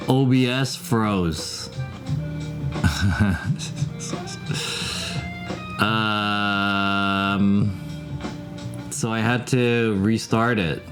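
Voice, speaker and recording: A man's voice: on the low side, drawn-out words, long pauses. A man live streaming from home, chatting casually, rambling and swearing as he answers his viewers. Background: music playing.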